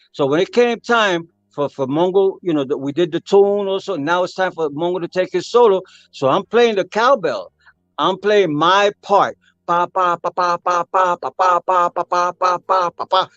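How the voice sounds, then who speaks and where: An older man, a percussionist, telling a story with animated energy, acting out voices and singing rhythms. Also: high voice, no echo, dull audio. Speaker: percussionist guest. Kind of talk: storytelling interview.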